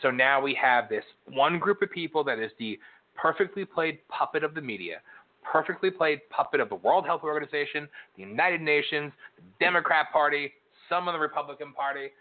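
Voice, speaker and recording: A man's voice: a little high, fairly quick. A man co-hosting a political chat, ranting in emphatic lists. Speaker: co-host. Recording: phone-like narrow sound.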